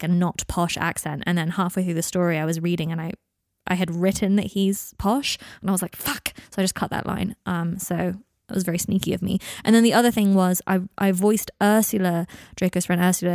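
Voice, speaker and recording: A woman talks through her podcast in a casual, rambling way, full of fillers and self-deprecating jokes. Her voice sits a little low, and the recording is close and dry with no room sound. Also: a little mellow, no room sound. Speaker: podcast host and fan fiction writer. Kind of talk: casual reflective podcast talk.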